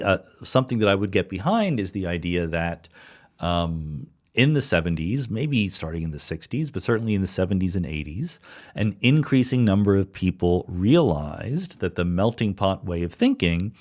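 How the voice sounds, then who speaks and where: A man's voice: sits low, a little mellow. An American man hosting a podcast, answering listener questions alone in a thoughtful, explanatory way and thinking aloud with small restarts. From United States, Philadelphia suburbs. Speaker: podcast host. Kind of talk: solo listener Q&A monologue.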